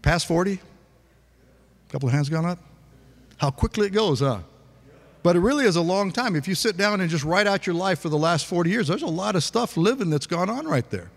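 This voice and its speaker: A man preaching a sermon in a relaxed conversational way, asking the congregation questions. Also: high voice, moderate pace, vocal fry, big-room sound. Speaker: pastor.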